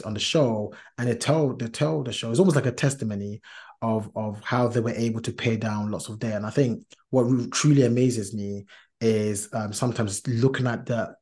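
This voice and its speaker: A man's voice: medium pitch, a little mellow. A man hosting a casual podcast chat, earnest and talkative, with many fillers and restarts, laughing easily. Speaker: podcast host.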